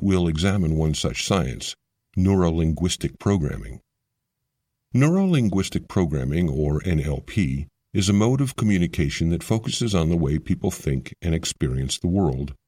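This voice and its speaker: Male voice-over narrator, very low pitch, dry close sound, measured explainer read. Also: a little mellow, slightly rough, no echo. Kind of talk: scripted narration.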